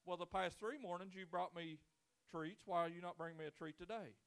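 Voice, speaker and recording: Man playing a grouchy house cat, demanding, bossy, slightly high voice. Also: steady tone, brisk, gravelly, a bit bright, clean tone.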